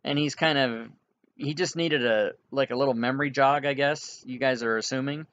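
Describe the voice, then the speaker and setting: A man's voice: mid-range voice, fairly even intonation, moderate pace, a bit bright, highs cut off. A man narrating an online tabletop game as game master, casual and rambling, with many restarts.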